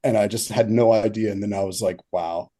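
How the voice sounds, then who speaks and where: A turf consultant in his thirties talks fast on a podcast, his voice fairly low, warm and level in tone. His casual interview storytelling rambles, heavy with fillers and punctuated by frequent laughs.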